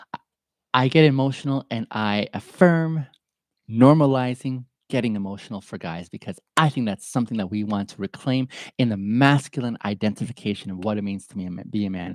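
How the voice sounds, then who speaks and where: An earnest middle-aged man talks straight into the mic in a reflective solo podcast, voice sitting on the low side. He sounds openly emotional and a little stuffed up, sniffing now and then. The sound is close and dry. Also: a little mellow, dry recording. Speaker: podcast host.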